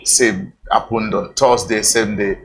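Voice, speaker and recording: A man with a Nigerian accent hosting a TV sports show in a studio, speaking haltingly with many fillers and repeated phrases. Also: lowish voice, steady tone, rough recording. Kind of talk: studio discussion, casual.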